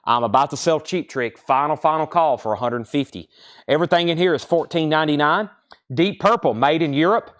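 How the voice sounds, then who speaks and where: A man's voice: fairly high pitch, a little fast, fairly bright tone. A man hosting a live record sale stream, chatting casually and rattling off prices, bids and condition notes. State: out of breath.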